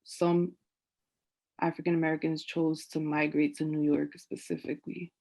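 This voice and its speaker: Hesitant student woman with a mellow voice. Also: low voice, flat delivery, moderate pace, vocal fry. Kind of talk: asking questions in class. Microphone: video call.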